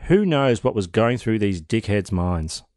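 A man's voice: on the low side, very animated, measured pace, a little mellow, no echo. A man leading a true crime podcast, his voice rising and falling a lot as he tells the case. He drops dry, sardonic jokes between the grim facts. The sound is close and dry, with no room around it. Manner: wry, sardonic asides in a narrated case. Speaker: podcast host.

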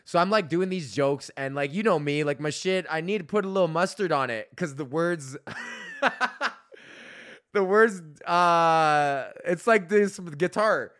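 A man hosting a podcast, telling a profane, animated story in a casual rant, often laughing. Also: on the high side, a little slow, dry recording, studio quality. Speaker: podcast host. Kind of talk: casual ranting monologue.

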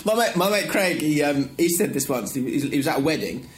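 A man with a Cockney accent co-hosting a football podcast in casual chat, animated and laughing often. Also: on the high side, brisk. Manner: animated, laughs often, does mocking voices in anecdotes. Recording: echoey room, faint background noise.

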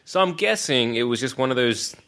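A man's voice: mid-range voice, expressive, brisk, bright, forceful tone. A man in casual podcast banter, rambling with restarts, swearing and chuckling. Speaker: podcast co-host.

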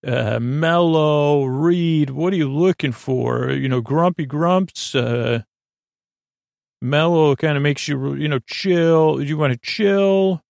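A man's voice: a little high, slow pace, gravelly, darkish tone, no echo. A man voicing pushy market stall sellers in an eager sales patter, within a retelling of an episode.

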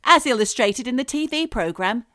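A woman co-hosting a casual chat, reacting and chipping in with quick quips. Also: on the high side, lively intonation, bright, forceful tone, dry recording, studio quality. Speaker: podcast co-host.

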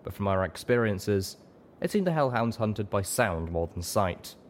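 A man reading fan fiction aloud as an audiobook narrator, steady and deliberate. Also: fairly low pitch, slight background noise. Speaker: audiobook reader.

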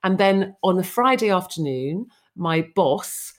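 Middle-aged presenter, woman, lower register, lively storyteller who mimics others. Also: a little slow, a little hiss or hum. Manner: animated, acts out quoted speech. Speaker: TV presenter, interview guest. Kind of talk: chatty anecdotal storytelling.

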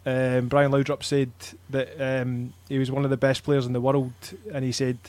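A man's voice: medium pitch, completely flat delivery, moderate pace, a little mellow, dry recording. A man on a casual fan podcast, telling stories in a chatty way, swearing freely and filling gaps with ums. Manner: chatty storyteller, swears freely, many fillers. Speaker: podcast panelist.

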